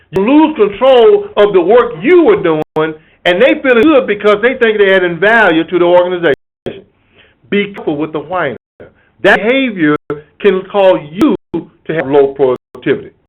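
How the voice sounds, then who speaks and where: A man with a high voice lectures as a corporate trainer, stressing and repeating his points. The sound is thin and tinny, like a phone line. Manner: emphatic, repeats key phrases, acts out examples.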